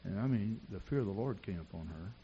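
A man preaching a sermon in a church, telling personal stories and rising to shouts at the climax. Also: lowish voice, expressive, fast talker, muffled recording, slight background noise. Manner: storytelling preacher who builds to shouting.

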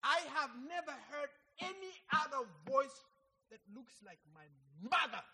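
High, bright preacher man in an echoing hall. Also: expressive, a little slow. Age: 50s. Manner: emphatic, with dramatic swings between loud and soft. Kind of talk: sermon. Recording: long hall reverb.

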